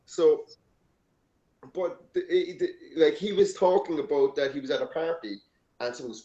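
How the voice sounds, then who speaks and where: A man's voice: on the high side, normal speed, dark tone. An Irish man with an Irish accent, chatting casually in a rambling, anecdotal way and swearing freely. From Ireland. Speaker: podcast host. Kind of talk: casual chat. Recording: echoey, dull lo-fi room sound.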